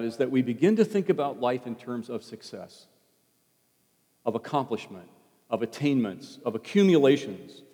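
A man preaching a sermon as a pastor, in a conversational tone that drops to a hush on quoted words. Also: mid-range voice. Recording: long hall reverb.

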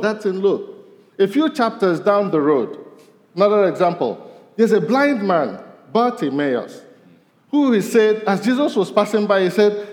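A man preaching a sermon as pastor, his voice rising to stress points and falling low at the end of each. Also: measured pace. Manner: animated, voice rising for emphasis and dropping low at ends of points. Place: church sanctuary. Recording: long reverb of a large hall.

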